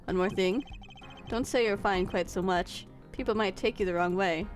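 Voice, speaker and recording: A woman voicing a calm, smooth-talking male defense attorney who is mentoring a junior, measured and softly condescending in a video game. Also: mid-range voice, faint music behind, pitched below the performer's own voice, close to an everyday voice.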